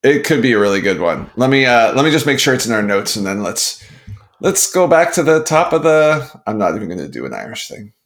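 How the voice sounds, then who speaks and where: A man's voice: medium pitch, sing-song, a little fast. Laid-back man, hesitant chatter. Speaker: podcast co-host. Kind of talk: casual movie chat.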